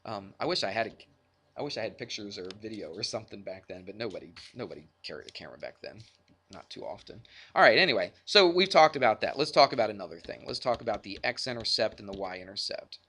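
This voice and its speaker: A man's voice: fairly low pitch, expressive, fast talker, fairly bright tone. A man teaching a math class, telling a personal story in a chatty, self-deprecating way before getting back to the lesson.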